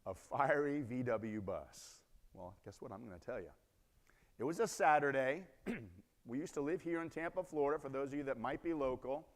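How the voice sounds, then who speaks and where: A man giving a conference keynote, telling a story animatedly, acting out the scenes and asking the audience questions. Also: medium pitch. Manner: animated, acts out scenes, asks the crowd questions. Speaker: conference speaker. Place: large conference hall. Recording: long reverb in a large hall.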